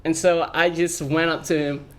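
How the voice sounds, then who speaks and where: A man's voice: a little high, normal speed. A man hosting a podcast, telling a story in casual chat, laughing and acting out the people he quotes. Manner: animated, laughing, acts out quoted voices. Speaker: podcast host.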